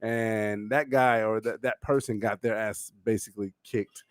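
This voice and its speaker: A man's voice: fairly low pitch, fairly even intonation, moderate pace, no echo, studio quality. A man co-hosting a casual podcast, rambling with many fillers and restarts and laughing often. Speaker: podcast co-host. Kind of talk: casual chat.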